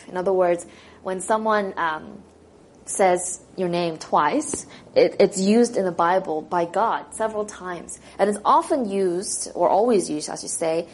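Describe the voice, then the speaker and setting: A woman's voice: on the low side, a little hiss or hum, rough recording. A woman teaching a Bible lesson in a sermon, reading scripture aloud and then talking it through with a small group, asking them questions. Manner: conversational, asks the listeners questions.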